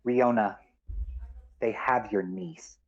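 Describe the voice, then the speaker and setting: A man's voice: on the low side, steady tone, slow pace, no echo, dull audio. A man voicing an exasperated young woman traveler. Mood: urgent.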